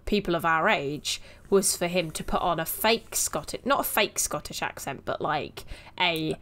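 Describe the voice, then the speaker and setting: Woman, 20s, podcast co-host, casual chat, giggly, chatty, fairly low voice. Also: normal speed, a bit bright. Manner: giggly, chatty, laughs often.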